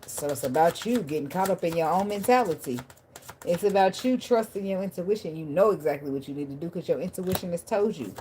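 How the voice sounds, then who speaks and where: A woman's voice: fairly low pitch, lively intonation, a little fast, warm tone, a little hiss or hum, rough recording. A woman giving a casual tarot reading to her viewers, blunt, profane and preachy, laughing at times and thanking viewers by name. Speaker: tarot reader.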